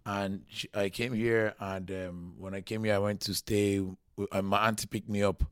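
A man in his thirties, originally from Nigeria, talks through his life story in a loose, lively way, often stopping to restart a sentence. His voice sits low, and the sound is close and dry with no room echo. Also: moderate pace, clear, resonant tone. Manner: chatty and animated, restarts a lot, acts out quotes. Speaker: guest, comedian. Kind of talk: casual interview storytelling.

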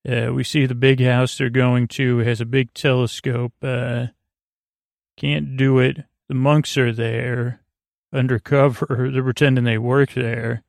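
Flat, gravelly man rambling a recap. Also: mid-range voice, dry recording, clean studio sound. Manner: rambling, halting, full of fillers and restarts. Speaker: podcast host. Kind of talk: drowsy episode recap for sleep.

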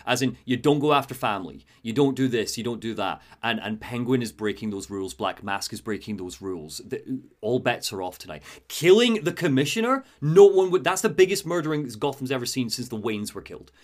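A man's voice: mid-range voice, animated, a little fast, hardly any pauses. A man hosting a podcast, animatedly retelling a video game's story and laughing often. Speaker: host.

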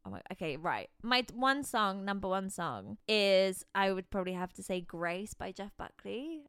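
A young woman co-hosting a podcast, excitable and animated, with casual swearing. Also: medium pitch, moderate pace, clean tone, dry recording, studio quality. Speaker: podcast co-host. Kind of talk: casual chat.

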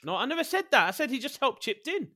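Bright-voiced, excitable man pleading his case. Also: extremely high pitch, quick pace. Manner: pleading, excitable, talks over others. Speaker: podcast panelist, Liverpool fan. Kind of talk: heated casual debate.

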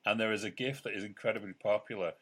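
A man's voice: lowish voice, steady tone, fast, fairly bright tone, husky. A man hosting a podcast, chatting casually and enthusiastically, with a few stumbling starts. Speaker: podcast host. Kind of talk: casual chat.

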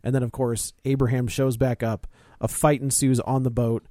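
A man on a podcast, talking through a film in a casual, rambling way. His voice sits at an ordinary middle pitch and sounds close and dry, with no room around it. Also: little pitch movement, moderate pace, warm tone, no echo. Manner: loose, chatty recapping with laughs and restarts. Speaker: podcast co-host. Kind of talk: casual movie-discussion chat.

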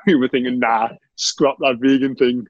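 A man's voice: medium pitch, steady tone, moderate pace, dry recording, lo-fi sound. A man telling stories in a casual chat, laughing often and saying "mate" constantly. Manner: laughs a lot while telling anecdotes, says "mate" constantly.

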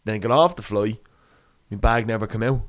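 A man's voice: lowish voice, brisk. A young man telling a long, rambling anecdote in casual chat, swearing and laughing as he goes. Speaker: storyteller.

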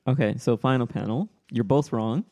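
A man's voice: medium pitch, moderate pace, mellow. A man hosting a casual podcast chat, describing comic panels and reading their dialogue aloud.

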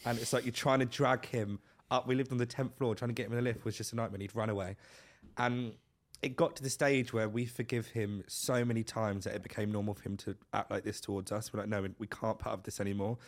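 A young man on a podcast, earnestly recounting a bad flatmate story. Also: fairly low pitch, fast. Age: young adult. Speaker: podcast co-host. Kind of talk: casual chat, storytelling.

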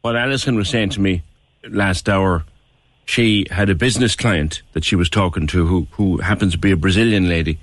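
A man hosts a radio phone-in show, his voice low and set close to a dry studio mic. He talks earnestly and leans on repetition to drive home what he feels. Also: no echo. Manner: earnest, repeats phrases for emphasis. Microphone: studio microphone.

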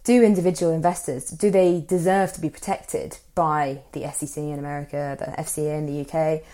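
A woman's voice: deep voice, fairly even intonation, brisk, dark tone. A woman interviewing a guest, building her questions thoughtfully with fillers.

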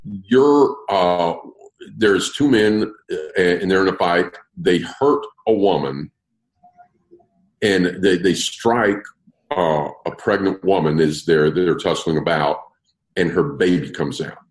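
A man's voice: low-pitched, slow pace, echoey room, poor audio. A man leading an interactive Bible study, explaining verses and putting questions to his group. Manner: lively, asks the group questions. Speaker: Bible teacher.

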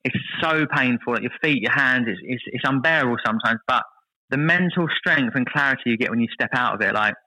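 A man in his thirties telling lively stories as a podcast guest, acting out what others said. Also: medium pitch, a little fast, a little hiss or hum, low-quality recording. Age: 30s. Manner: lively anecdotal storytelling, voices others in quotes. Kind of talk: casual podcast chat.

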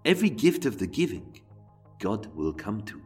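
A man voicing a sentimental poet, reciting slowly in a put-on Welsh accent. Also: fairly low pitch, big pitch swings, a little mellow, faint music behind. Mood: earnest. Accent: put-on generic Welsh.

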